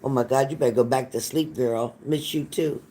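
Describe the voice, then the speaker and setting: A man's voice: mid-range voice, fairly even intonation, moderate pace, warm tone. A man hosting a live-stream psychic reading, reassuring and folksy, repeating phrases and calling viewers honey. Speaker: psychic reader.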